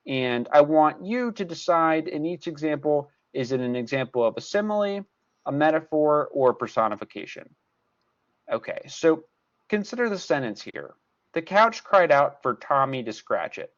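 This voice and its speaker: Male tutor, animated and emphatic, repeats key points; muffled lo-fi class audio. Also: on the high side, normal speed. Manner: repetitive, emphatic teacher explaining step by step. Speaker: math tutor. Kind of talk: recorded class lesson.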